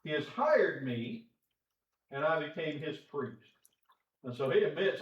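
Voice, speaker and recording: Folksy preacher in an echoey church. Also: male voice, fairly high pitch, very animated, slow pace, long pauses. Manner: folksy, conversational, chuckles often. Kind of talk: Bible class teaching. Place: church auditorium. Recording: echoey church room, distant dull mic.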